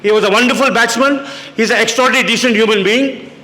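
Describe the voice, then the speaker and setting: Telling stories full of quoted voices and stop-start restarts, an Indian man in his sixties delivers a public lecture in an echoey hall. His pitch is extremely high, and his tone is bright and forceful.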